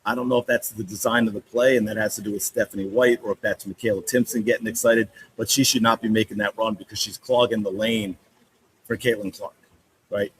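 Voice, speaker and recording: A man hosting a sports podcast, breaking down game film with animated, exasperated commentary and repeating points for emphasis. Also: lowish voice, fairly quick, slight background noise, rough recording.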